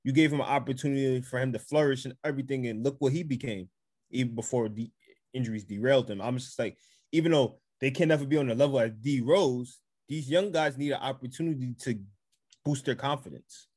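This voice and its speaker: A man's voice: medium pitch, fairly quick, darkish tone, no room sound, clean studio sound. A man co-hosting a casual sports podcast, laid-back, laughing easily and repeating his points for emphasis. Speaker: podcast co-host.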